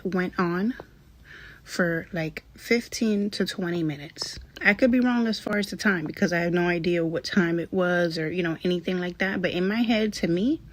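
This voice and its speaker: Woman, lowish voice, personal testimony, halting, lots of fillers. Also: darkish tone. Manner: halting, many fillers and repeats. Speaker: former surgery patient.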